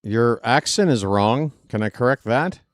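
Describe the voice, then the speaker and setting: A man's voice: medium pitch, expressive, measured pace, no room sound, studio quality. A man hosting a live stream, talking to the chat in a sarcastic, mocking way. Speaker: host. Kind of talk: live stream commentary over a replayed clip.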